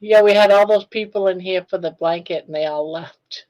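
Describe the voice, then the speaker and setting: A woman's voice: on the low side, moderate pace, darkish tone. An older woman hosting a casual live stream, cooing baby talk to her dog between chatting. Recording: dull lo-fi stream audio.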